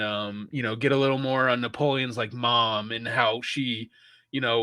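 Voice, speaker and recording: Bright-voiced man rambling through a film review. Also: mid-range voice, no room sound. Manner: rambling with many restarts and casual swearing. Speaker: podcast co-host. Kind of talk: casual film review chat.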